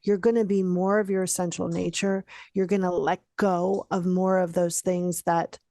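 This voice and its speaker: A woman's voice: fairly low pitch, flat delivery, moderate pace, warm tone, no room sound. A woman guest in a casual interview, talking frankly and bluntly, often tagging on "right?".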